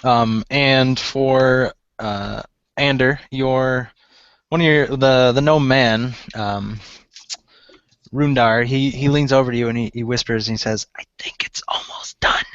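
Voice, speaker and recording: A man runs a tabletop game in an unhurried, halting way, often restarting his phrases. His voice sits in a middle pitch. The sound is dry and slightly muffled, like a voice-chat capture. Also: steady tone, clear, resonant tone, dry recording. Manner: hesitant, many fillers and restarts. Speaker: game master.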